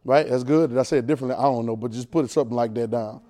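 A man's voice: mid-range voice, rapid-fire, dark tone. A man preacher teaching a Bible class, repeating phrases and pulling call-and-response answers from the room.

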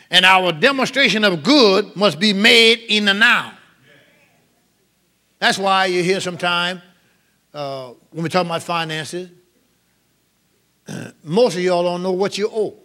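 A man's voice: sits high, takes it slowly, long pauses, bright, forceful tone. A man preaching a revival sermon, emphatic and calling out to the congregation. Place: church revival service.

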